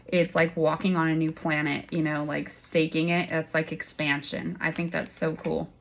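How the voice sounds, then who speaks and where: A woman talks straight to the camera in a casual tarot-reading vlog. She is blunt and swears freely, laughing often as she goes. Her voice jumps between loud, excited bursts and quiet, hushed asides. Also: low-pitched, normal speed, vocal fry, a little hiss or hum. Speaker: tarot reader and channel host.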